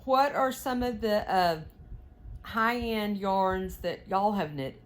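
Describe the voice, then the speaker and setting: A tired woman with a twang chats while she knits. She talks slowly and easily, with lots of "uh"s, and keeps asking her viewers questions. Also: mid-range voice. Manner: chatty, many fillers, asks viewers questions. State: yawning, tired. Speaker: knitting vlogger. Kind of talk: casual chat while knitting.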